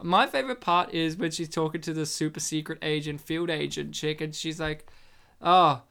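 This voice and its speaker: A woman's voice: low voice, a little fast, gravelly, fairly bright tone, clear, resonant tone. A woman co-hosting a casual movie review podcast, blunt and joking, acting out quotes as she talks. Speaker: podcast co-host.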